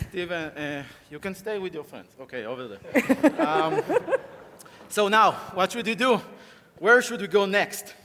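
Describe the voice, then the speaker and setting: A man with a sore throat gives a live conference talk, playfully coaching volunteers on stage in an animated way. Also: high voice, measured pace. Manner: playful, animated, coaxing the audience. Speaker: conference speaker. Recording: long hall reverb, faint crowd noise.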